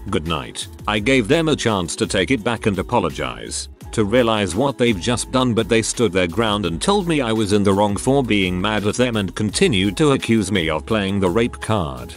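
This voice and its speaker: A man narrating online stories in a steady scripted reading. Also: fairly low pitch.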